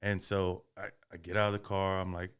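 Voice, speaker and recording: Smooth-voiced man telling a wild story. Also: sits low, fairly quick. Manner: profane, animated storyteller. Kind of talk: casual storytelling.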